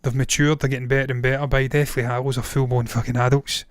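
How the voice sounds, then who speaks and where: A man's voice: mid-range voice, flat delivery, fast talker, dry recording, studio quality. A man in his thirties ranking films on a casual live stream, blunt and opinionated, swearing freely, his voice tired and strained after hours of talking. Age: 30s. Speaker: film reviewer and live-streamer.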